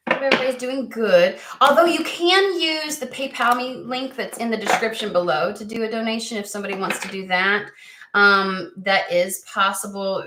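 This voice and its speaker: A woman from the United States chatting casually to camera as a tarot reader, rambling and halting, with lots of fillers and restarts. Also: medium pitch, background noise. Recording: echoey room.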